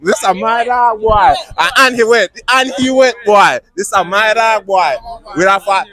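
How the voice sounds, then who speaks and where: A man's voice: high voice, measured pace, sharp tone. A young man from Belize with a Belizean accent, running a casual street interview outdoors and teasingly drilling phrases with strangers. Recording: street noise, music playing behind.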